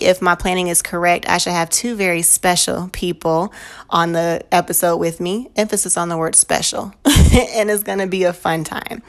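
A young woman hosting her own solo podcast, talking casually with lots of slang and frequent laughter. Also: mid-range voice. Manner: chatty, slangy, laughs often. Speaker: podcast host.

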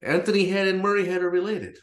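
A man's voice: high voice, quick pace. A man co-hosting a podcast, talking enthusiastically and rambling with lots of fillers. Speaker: podcast co-host. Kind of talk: casual chat. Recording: echoey room.

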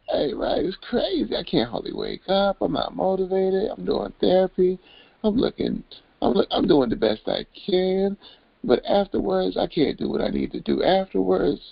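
Gravelly podcast host guy, bouncy pitch all over, blunt n cussing, dull dry lo-fi sound. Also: dry recording. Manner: blunt, profane, venting loudly. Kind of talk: casual chat.

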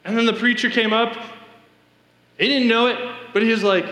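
A man's voice: extremely high pitch, steady tone, moderate pace, pauses often, pushed and bright. A man preaching a sermon to a congregation, telling his story in an earnest, direct way in a church. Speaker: preacher giving testimony. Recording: echoey hall reverb.

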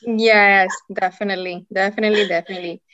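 A woman yoga teacher, a guest on a podcast over a video call, chatting gently and laughing often. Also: mid-range voice, fairly even intonation, quick pace, dry recording, highs cut off. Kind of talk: casual chat.

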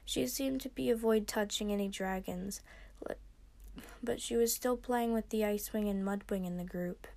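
A woman's voice: mid-range voice, normal speed, vocal fry, dark tone. A woman casually narrating her own fan fiction story, with slips and restarts. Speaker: podcast host reading fan fiction.

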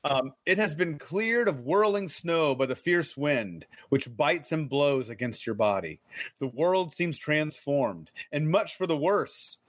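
A man's voice: on the high side, expressive, a little slow, dry recording. A man co-hosting a live stream, reading an adventure book aloud with jokey, playful asides. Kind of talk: casual live-stream read-along.

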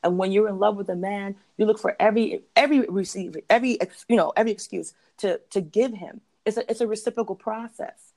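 A woman's voice: medium pitch, fast talker, darkish tone. Emphatic woman giving relationship advice. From parents from Jamaica. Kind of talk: podcast conversation.

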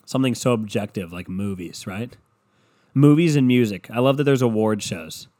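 A man's voice: fairly low pitch, normal speed, warm tone. A man ranting in a sarcastic comedy style, swearing freely and mocking people. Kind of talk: profane comedic rant.

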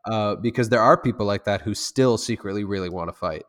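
A man with a fairly low voice talks through an interview as a self-defense instructor. He rambles, restarts his sentences and leans on fillers. He turns loud and heated when he drives a point home. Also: a little fast. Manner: loose, rambling talk with many restarts and fillers. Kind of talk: conversational interview.

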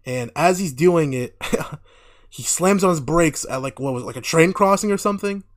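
A man with a fairly high voice talks fast and loose, cursing freely and chuckling through his story. He sounds like a podcast co-host retelling an episode to a friend. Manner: animated, laughing, heavy swearing. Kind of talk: casual profane recap chat.

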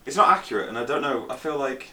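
A man's voice: mid-range voice, expressive, sharp tone, echoey room, a little hiss or hum. A young British man in casual film chat, rambling with lots of "like"s. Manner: rambling, many "like"s, quick mock impressions. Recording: distant mic with faint room ambience.

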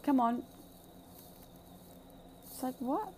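A woman with a gravelly, fry-laden voice speaks in an impassioned monologue. She hammers her points by repeating short phrases, swears freely, and swings from loud bursts to hushed asides. A faint hiss sits under the recording. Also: mid-range voice, expressive, unhurried. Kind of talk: impassioned monologue on childhood trauma.

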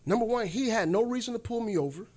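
A man's voice: sits high, expressive, fast talker, darkish tone. A man telling a story in loose, slangy casual chat.

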